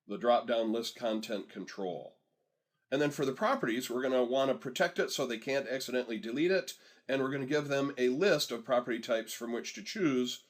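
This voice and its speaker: A man giving a screen-recorded software tutorial, talking students through each step in a relaxed, conversational way and pausing so they can catch up. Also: medium pitch. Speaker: software instructor.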